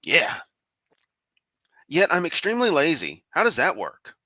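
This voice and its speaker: A man's voice: on the high side, huge pitch swings, measured pace, pushed and bright, no room sound. Man, streamer, sarcastic, profane, rambling, dry close sound. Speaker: stream commentator. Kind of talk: sarcastic live-stream commentary.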